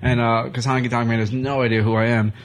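A man's voice: medium pitch, little pitch movement, fast talker, a crowd in the background. A man who wrestles and does comedy, telling crude stories in a casual radio chat and laughing through them. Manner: profane storyteller, laughs through his stories.

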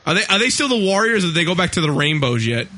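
Loud, teasing young male radio co-host. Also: on the high side, sing-song, rapid-fire, a little hiss or hum. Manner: loud, crude, teasing, laughing. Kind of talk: rowdy casual talk with a caller.

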